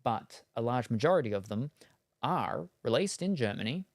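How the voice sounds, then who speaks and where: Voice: medium pitch, a little mellow, dry recording, clean studio sound. A game streamer with an Australian accent, chatting casually and rambling, full of ums while answering chat. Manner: rambling and hesitant, many ums.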